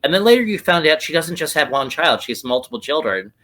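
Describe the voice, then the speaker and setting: A man with a bright, forceful voice co-hosts a casual recap podcast. He walks through scenes step by step and slips into quoting the characters' lines as he goes. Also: fairly high pitch, big pitch swings, fast talker. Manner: retells scenes, acting out lines in quotes. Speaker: podcast co-host.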